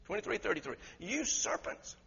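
A man preaching a sermon, emphatic and questioning the congregation, rising to loud peaks. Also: high voice, very animated, moderate pace, gravelly, breathy edge. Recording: lo-fi recording with long hall reverb.

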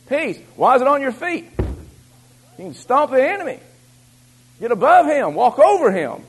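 Husky, high-voiced male preacher. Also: low-quality recording. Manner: swings from loud exhortation to low confiding asides. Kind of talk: sermon.

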